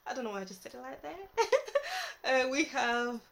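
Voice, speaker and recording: A woman's voice: high voice, huge pitch swings, moderate pace, gravelly, fairly bright tone. A woman giving a chatty, reassuring tarot reading into her phone, now and then laughing at herself. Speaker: tarot reader.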